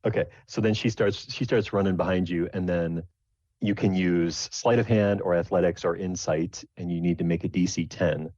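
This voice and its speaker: Low-voiced rambling game master. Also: male voice, fairly even intonation, normal speed, a little mellow, dry recording. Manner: rambling, many restarts and fillers. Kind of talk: narrating a tabletop game. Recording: dull lo-fi dry recording.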